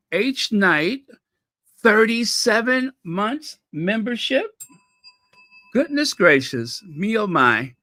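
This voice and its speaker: In clean, echo-free studio sound, a man with a high-sitting, fairly bright voice hosts a relaxed livestream. He welcomes people from the live chat by name, adding playful mock-posh remarks.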